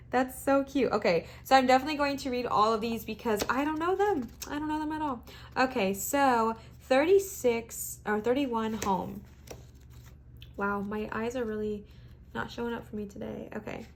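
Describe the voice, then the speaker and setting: A young woman giving a pick-a-card tarot reading, chatty and emotional, reading card texts aloud between gushing asides. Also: a little high. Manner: gushing and emotional, says "y'all" and "bestie". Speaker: tarot reader.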